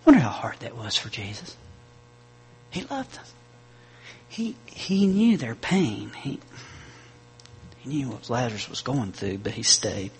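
A man preaches a sermon in a strongly husky, grainy voice. He reads quietly, then rises to loud, emphatic declarations. He has his listeners repeat lines back to him. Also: medium pitch, big pitch swings, unhurried, pauses often. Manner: leads the congregation in call-and-response. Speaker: pastor.

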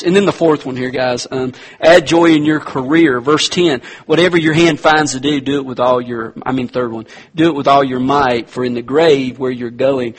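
A man preaching a sermon to his congregation, telling stories with sudden loud peaks. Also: medium pitch, breathy edge. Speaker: pastor.

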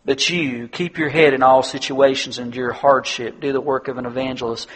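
Husky-voiced male pastor preaching. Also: medium pitch, steady tone, moderate pace. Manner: earnest, repeats words while building a point. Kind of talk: sermon.

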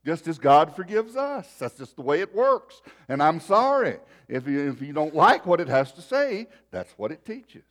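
A man preaching a sermon, telling a folksy personal story and shifting between loud and soft. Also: a little high, sing-song, moderate pace, hardly any pauses. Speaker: pastor.

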